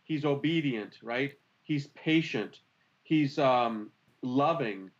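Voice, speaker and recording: A man's voice: medium pitch, takes it slowly, highs cut off. A man explaining his faith in an earnest conversational way, asking rhetorical questions as he talks. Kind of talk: animated conversational teaching.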